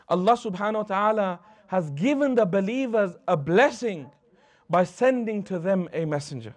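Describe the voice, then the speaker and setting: A man teaching a religious lesson who tells stories, acts out the anecdotes and mixes Arabic phrases into his English. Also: on the high side. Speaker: Islamic teacher.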